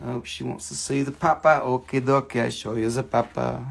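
Speaking a little fast with few pauses, this man has a slightly rough, creaky, mid-range voice and a steady tone. He's an American who grew up near Washington, D.C., casually hosting a live mineral sales stream into a phone, joking and swearing casually.

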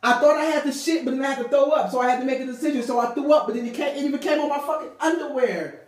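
A man's voice: very high-pitched, very fast, a little hiss or hum. A man in his thirties pranking his wife, pleading over and over and breaking into laughs. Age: 30s. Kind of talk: casual prank vlog. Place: home bathroom. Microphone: phone camera at a distance. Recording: echoey bathroom, phone from far off.

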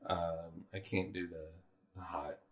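A man co-hosting a podcast in casual chat, easygoing and halting with ums. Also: sits low, level tone, reverberant. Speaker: podcast co-host.

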